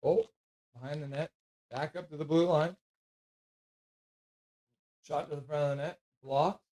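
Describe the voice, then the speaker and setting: A man calling live hockey play-by-play from his stream in a casual way, with quick calls and offhand jokes. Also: fairly high pitch, steady tone, dark tone.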